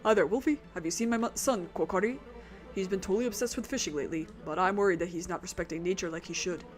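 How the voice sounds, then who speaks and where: A woman's voice: fairly low pitch, quick pace, faint music behind, natural voice. A woman reading out a fretful village mother. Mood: worried. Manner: fretful, reading game dialogue aloud. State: rough throat. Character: worried village mother fretting over her son.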